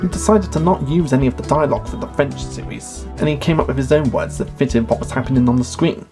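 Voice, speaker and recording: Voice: medium pitch, quick pace. A narrator from England, giving an earnest, informal fan review in documentary style. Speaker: cartoon reviewer. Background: music.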